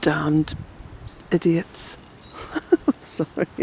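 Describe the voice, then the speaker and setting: An Irish woman chatting her way through a garden tour outdoors, fond and unhurried, with bursts of indignation. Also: low-pitched, sing-song, gravelly, darkish tone, a little hiss or hum, low-quality recording. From Ireland. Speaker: smallholder and author giving a garden tour. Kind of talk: casual walking garden tour.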